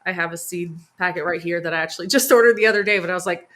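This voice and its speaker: A woman hosts a live gardening stream from home, talking in an eager, chatty way full of little fillers and laughter. Her voice is bright and forward. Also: fairly low pitch, very fast, few pauses. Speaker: gardening host. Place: home near a sunroom.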